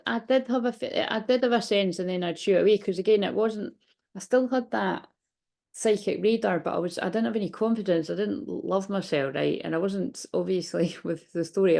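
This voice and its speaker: A woman's voice: mid-range voice, a little fast, vocal fry, darkish tone. A woman in her late thirties doing a chatty, rambling tarot reading vlog, hiccuping and a bit out of breath. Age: 30s. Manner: rambling, chatty, many restarts. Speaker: tarot reader.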